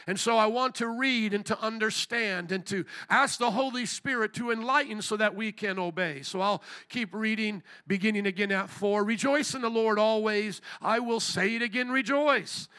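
High, bright-voiced preaching pastor. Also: male voice. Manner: fervent preaching with rhetorical questions and repetition. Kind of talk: sermon. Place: church service.

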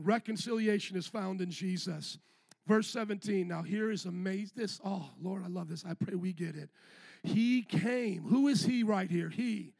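A male pastor preaching a lively sermon with call-and-response to the congregation, his voice starting to go hoarse. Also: high-pitched, normal speed, no echo. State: voice going hoarse.

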